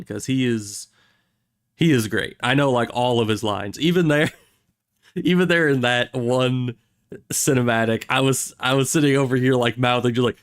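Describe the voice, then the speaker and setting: Young guy rambling over a game stream, smooth clear voice, lots of self-corrections. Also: mid-range voice. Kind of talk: casual gameplay commentary.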